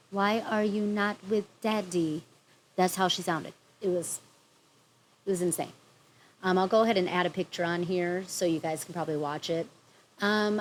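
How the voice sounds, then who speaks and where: A woman with a somewhat low voice giving a candid, unpolished movie review. She rambles and corrects herself, filling gaps with ums, and states her opinions bluntly. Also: a little hiss or hum, low-quality recording. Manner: rambling, chatty, frequent ums and self-corrections. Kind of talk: casual vlog review.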